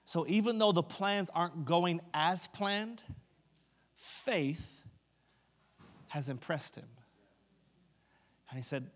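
A man preaching a sermon as a pastor. He retells Bible stories in a conversational way, acting out the characters, then builds to loud, impassioned climaxes. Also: medium pitch, fairly even intonation, normal speed, long pauses. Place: church sanctuary. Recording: long hall reverb with faint music. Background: faint keys or guitar.

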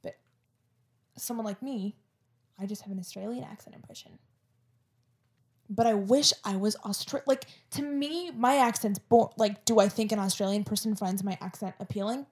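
A young woman with a Florida accent, talking loosely and jokingly as a podcast co-host from a home setup. Her voice sits at an ordinary pitch, and she scatters "like" and "um" through her casual chat. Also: normal speed, a little mellow. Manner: chatty, jokey, peppered with "like" and "um".

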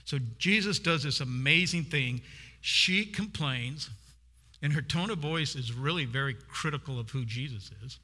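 A man with a somewhat high, sharp voice preaches a sermon at normal speed, retelling a scripture story and acting out its characters. He tells it as a story and puts on the woman's voice. A long hall reverb hangs on the recording.

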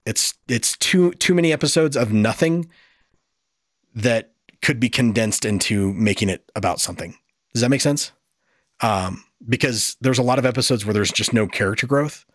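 A man's voice: mid-range voice, moderate pace, no echo, clean studio sound. A man hosting a podcast, giving a casual, exasperated and profane review rant. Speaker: podcast host.

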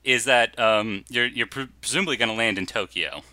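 A man's voice: mid-range voice, brisk, sharp tone, no room sound. A man from the United States who chats casually as a co-host, laughing often and restarting his sentences. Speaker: podcast co-host. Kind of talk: casual chat.

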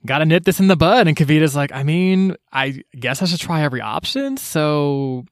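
A man's voice: a little high, expressive, moderate pace, no echo. A man co-hosting a casual book-discussion podcast, rambling through the plot with lots of "like" and playful retold dialogue. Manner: rambling, full of "like" and playful "girl" retellings. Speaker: podcast co-host discussing a novel.

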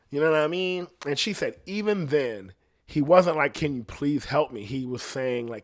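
A man telling a story in a casual, animated monologue, swearing freely and putting on voices for the people he quotes. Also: medium pitch. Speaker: singer recounting a story.

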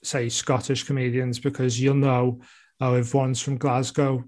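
A man chatting casually about comedy, rambling and slipping into quick impressions. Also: mid-range voice, flat delivery, darkish tone. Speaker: comedian guest. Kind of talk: casual chat.

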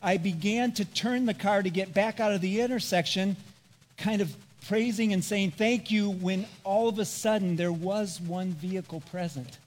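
A middle-aged man preaching a sermon, telling a personal story in an earnest, animated, self-deprecating way. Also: high voice, moderate pace. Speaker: pastor.

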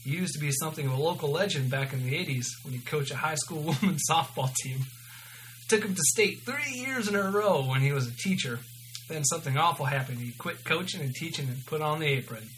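A man's voice: a little high, lively intonation, brisk, a bit bright, slight background noise, rough recording. A man reading as a gossipy diner waitress. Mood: chatty. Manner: gossipy, talkative. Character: chatty small-town diner waitress woman.

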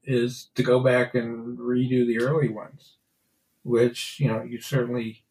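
A man's voice: medium pitch, little pitch movement, unhurried, a little mellow, a little hiss or hum, low-quality recording. A man who makes online comics, reflecting casually on comic strips. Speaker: podcast co-host, online comic artist. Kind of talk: casual chat about comics.

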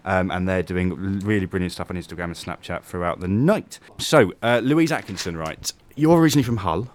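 A man's voice: deep voice, brisk. A man hosting a local radio show, presenting in a casual, dry, self-deprecating way from a studio. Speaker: radio host.

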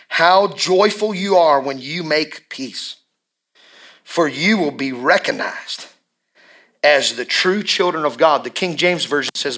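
A fiery pastor delivering a sermon in a bright, forceful voice that sits a little high for a man. He drops to a near hush and then climbs into full shouts, hammering phrases over and over. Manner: impassioned, swings from hushed to shouting; drawn-out emphatic repetitions.

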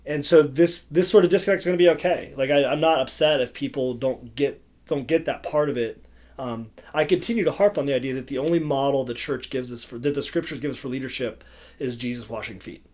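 Male podcast co-host, pastor, casual and chatty, a touch higher voice. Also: a little mellow. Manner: chatty, laughs easily.

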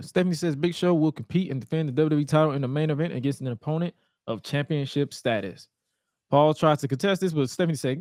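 A man co-hosting a podcast chats casually through recaps of old wrestling shows, animated as he acts out the wrestlers' lines in goofy voices. His voice is on the high side and a little fast, and the studio sound is clean with no echo.

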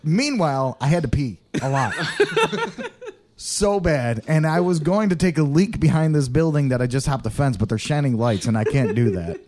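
A man's voice: medium pitch, moderate pace, a little mellow. A man co-hosting a podcast, telling a rowdy story in casual chat, swearing often and laughing through it. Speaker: podcast co-host.

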